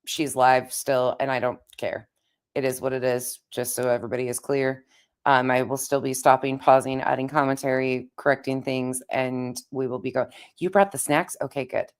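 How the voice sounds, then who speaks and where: A woman live-streaming in a casual, chatty way, greeting viewers by name, with a raspy voice. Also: rumbling low, steady tone, moderate pace.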